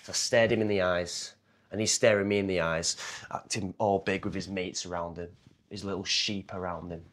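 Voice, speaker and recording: A man's voice: sits low, fairly even intonation, normal speed, a bit bright. A young man with a fighter's background, retelling a story casually and animatedly, acting out the people in it. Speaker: martial arts fighter and confidence coach.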